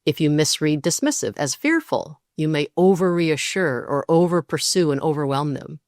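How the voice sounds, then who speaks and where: A woman hosting a relationship podcast, talking through ideas in a calm, measured monologue and briefly voicing quoted partners. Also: sits low, dry recording, studio quality.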